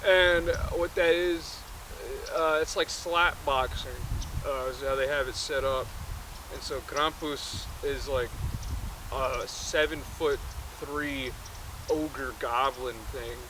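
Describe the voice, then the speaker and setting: A man's voice: mid-range voice, steady tone, takes it slowly, noisy background. A man casually retelling a movie plot, rambling with many filler words and restarts.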